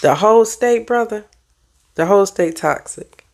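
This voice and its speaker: A woman therapist and life coach giving animated, preachy advice in a casual motivational vlog, talking back to online commenters. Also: medium pitch, normal speed. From United States.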